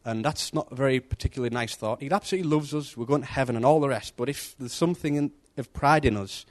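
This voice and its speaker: A man's voice: medium pitch, quick pace. A man giving an informal devotional talk in a conversational, storytelling manner. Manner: conversational, animated, acts out story voices. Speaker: preacher.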